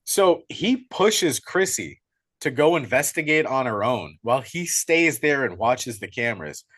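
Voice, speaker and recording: A young man co-hosting a podcast, retelling a horror film in an excitable, profane, casual way. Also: mid-range voice, unhurried. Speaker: podcast co-host. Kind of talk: casual movie recap.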